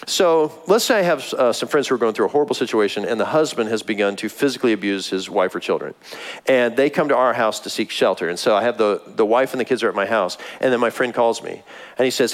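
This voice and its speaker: A man's voice: mid-range voice, lively intonation, quick pace, low-quality recording. A man preaching a sermon in a casual, conversational way, with touches of humor. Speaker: pastor.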